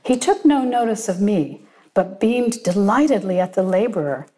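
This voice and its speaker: Mellow woman reading a story. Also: mid-range voice, animated, normal speed. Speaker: narrator. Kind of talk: first-person story reading.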